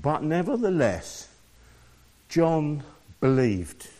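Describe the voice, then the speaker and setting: Slow, higher-voiced male preacher. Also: big pitch swings, warm tone. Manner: reads scripture aloud and explains it to listeners. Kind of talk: sermon.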